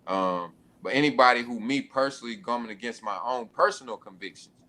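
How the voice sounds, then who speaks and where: A young adult man speaking in a relaxed way during a casual panel talk, often adding "you know what I mean". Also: medium pitch, fairly quick. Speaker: panel guest.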